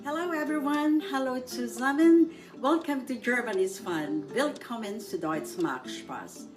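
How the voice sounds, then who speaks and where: A woman's voice: high voice, lively intonation, a little slow. A woman presenting a language segment in a cheerful, welcoming scripted intro. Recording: distant voice over loud music. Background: guitar music.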